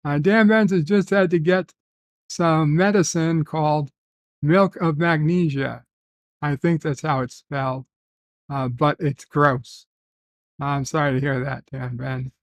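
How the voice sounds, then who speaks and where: A man hosting a casual livestream, reading viewer comments aloud and telling rambling stories with many filler pauses. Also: on the high side, fairly even intonation, no echo. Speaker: livestream host.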